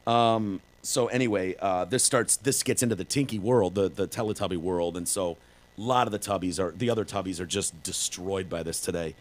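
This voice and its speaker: A man's voice: low-pitched, fairly quick. Joking man telling stories on a podcast. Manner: jokey storyteller, slips into silly put-on accents. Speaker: podcast co-host. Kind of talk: casual comedic chat.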